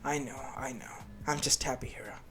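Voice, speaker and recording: A man's voice: medium pitch, brisk, pushed and bright, a little hiss or hum, natural voice. A man voicing a remorseful male king of the gods in a fan story, with an earnest, apologetic manner and faint lofi music behind.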